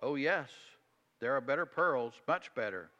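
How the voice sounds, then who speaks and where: A proud old pearl diver, slow and subdued, with low, quiet words, as a preacher reads him aloud. His voice is bright and forceful, and it rings with a long hall reverb. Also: lively intonation, muffled recording. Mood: solemn.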